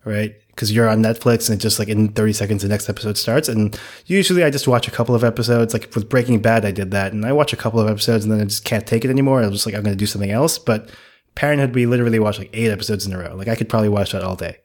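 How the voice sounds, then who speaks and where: A man's voice: lowish voice, racing, darkish tone. A man chatting casually as a podcast co-host, rambling with lots of fillers and restarts. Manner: rambling, many likes and restarts. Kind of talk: casual chat.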